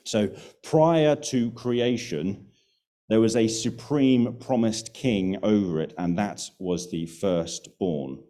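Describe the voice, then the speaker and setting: A man's voice: lowish voice, expressive, takes it slowly, dark tone. A man preaching a sermon in an earnest, emphatic way, repeating key phrases for stress.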